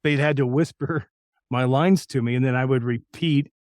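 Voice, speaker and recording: A middle-aged man from New Mexico, a voice actor telling lively anecdotes in an interview. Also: mid-range voice, moderate pace, no room sound, studio quality. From New Mexico, USA. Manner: lively anecdotal, acts out quoted lines. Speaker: voice actor guest. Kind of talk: interview storytelling.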